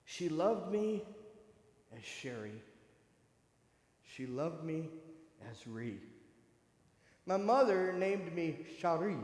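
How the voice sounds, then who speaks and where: Man in his fifties, high voice, personal church testimony, lively storyteller, roomy reverberant hall. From northern Michigan, USA. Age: 50s. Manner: animated storyteller who acts out voices in quotes. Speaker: guest speaker at a church service. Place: church sanctuary. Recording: echoey hall with long reverb.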